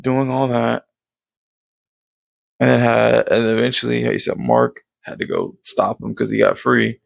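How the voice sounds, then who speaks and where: Gravelly-voiced man rambling through a recap. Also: fairly low pitch, dry recording, poor audio. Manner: rambling, filler-heavy, leans on "basically" and "like"; excited storytelling with sound-effect words. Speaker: show recap vlogger. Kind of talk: casual episode recap.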